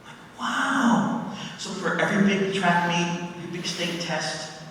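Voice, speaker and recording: Brief: somewhat high-voiced man, dramatic live storyteller, heard from a distance in a big echoey hall. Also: a little slow. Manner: dramatic, animated retelling with acted-out exclamations. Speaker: paranormal speaker. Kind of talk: live storytelling talk to an audience. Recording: echoey hall, mic far off, faint noise.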